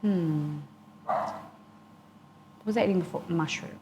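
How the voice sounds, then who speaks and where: A woman's voice: fairly low pitch, a little slow, noisy background. Chatty woman streaming over breakfast. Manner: chatty, reads chat aloud and answers viewers. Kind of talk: casual live-stream chat while eating.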